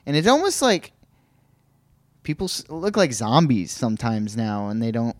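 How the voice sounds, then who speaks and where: A man's voice: mid-range voice, big pitch swings, moderate pace, no echo. A young man co-hosting a podcast in casual chat, rambling and hesitant with many restarts. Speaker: podcast co-host.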